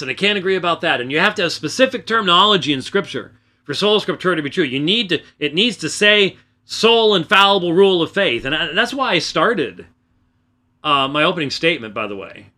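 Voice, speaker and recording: A man hosting a religious program alone in a small room, talking emphatically and loudly into a close microphone, restarting his sentences. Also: fairly high pitch. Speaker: host of a religious debate program. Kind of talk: solo spoken commentary. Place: small room, away from the usual studio.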